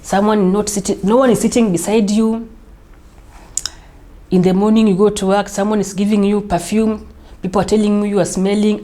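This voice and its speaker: A woman's voice: mid-range voice, fairly even intonation, moderate pace, dark tone. A woman from Africa, a guest in an interview, telling her own story in simple, repeated phrases.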